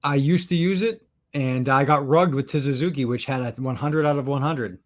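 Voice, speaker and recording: Casting note: male guest, casual and loose, mid-pitched voice, stumbles over repeated words. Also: normal speed. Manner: relaxed, rambling, repeats words. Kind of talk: casual chat.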